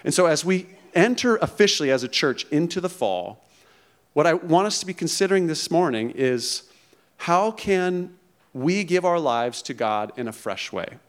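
A male pastor with a slightly higher voice preaches in a conversational, emphatic way. He keeps checking in with his listeners and leans hard on key words. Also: sing-song, normal speed. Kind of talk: sermon.

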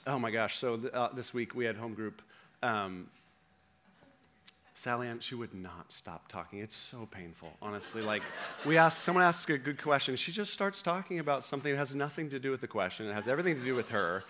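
A man's voice: mid-range voice, animated, a little fast, pushed and bright, a little hiss or hum. A man acting out a gossipy, judgmental male churchgoer who rambles catty remarks with laughing asides.

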